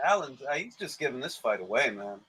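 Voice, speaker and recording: A man hosting a livestream, talking boxing in an animated, joking and blunt way. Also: medium pitch, fairly quick, husky. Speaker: livestream host. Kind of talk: casual boxing chat.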